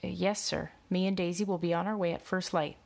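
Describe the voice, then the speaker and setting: A woman's voice: on the low side, fairly even intonation, fairly quick, gravelly, a little mellow. A woman voicing a young male farmhand who pleads in plain, earnest words.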